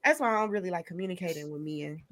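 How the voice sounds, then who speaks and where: A woman podcast host with a low-leaning voice races through her casual stories. She's an animated storyteller who laughs a lot while chatting.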